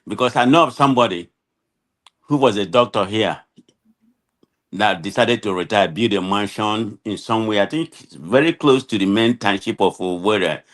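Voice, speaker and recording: A Nigerian man with a somewhat low voice shares his view as a guest on a call-in discussion. He rambles, doubles back, and fills gaps with "you know". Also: normal speed, fairly bright tone. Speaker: guest caller.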